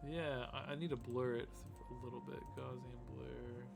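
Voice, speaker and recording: A man's voice: medium pitch, steady tone, normal speed, gravelly, over music. A man hosting a casual live stream, rambling with lots of fillers and restarts. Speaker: host.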